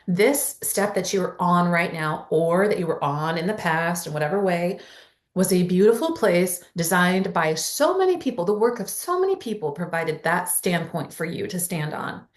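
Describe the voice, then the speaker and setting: A woman with a somewhat low voice speaks in an earnest, encouraging way during a casual spiritual discussion. Her talk is emphatic, with quick asides. The room around her is roomy and echoey. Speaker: channel, co-host.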